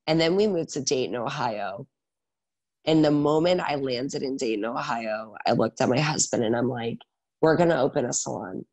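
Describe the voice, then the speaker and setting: A man in his thirties, a guest on an interview podcast, telling his story in an energetic, animated way with lots of filler words. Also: mid-range voice, normal speed. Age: 30s. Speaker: guest, salon owner and educator.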